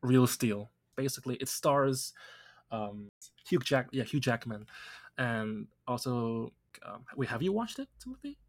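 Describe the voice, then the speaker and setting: A man's voice: mid-range voice, expressive, measured pace. A young man co-hosting a podcast, chatting casually and teasing his co-host with frequent laughter. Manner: joking, teasing, laughs often. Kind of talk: casual chat.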